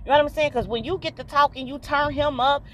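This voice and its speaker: A woman's voice: sits high, steady tone, quick pace, slight background noise. A woman podcast host telling a story in a casual, colloquial way, speaking straight to her listeners.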